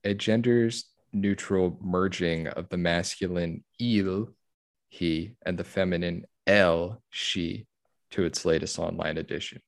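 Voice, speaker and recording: A man's voice: low voice, fairly even intonation, measured pace, creaky, dry recording, clean studio sound. A man co-hosting a podcast, casually reading a news article aloud with a laid-back, giggly manner and many fillers. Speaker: podcast co-host.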